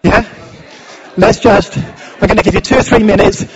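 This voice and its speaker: A man's voice: high voice, normal speed, lo-fi sound, a crowd in the background. A man speaking to a church congregation in a chatty, informal, encouraging way, leading prayer and a sermon.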